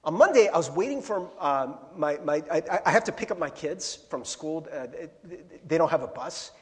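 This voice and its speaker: Animated high-voiced pastor in a reverberant church. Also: male voice, normal speed. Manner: chatty, laughing, animated, bursts into yelling in retold anecdotes. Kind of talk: casual storytelling sermon. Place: church sanctuary. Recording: long hall reverb.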